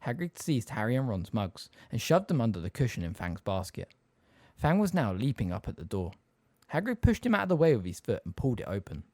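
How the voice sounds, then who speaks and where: A man narrating an audiobook in an expressive storytelling style. His pitch moves lively up and down through the lines. The recording is dry and close, with no room sound. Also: fairly quick, no echo. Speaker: audiobook reader. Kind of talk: scripted narration.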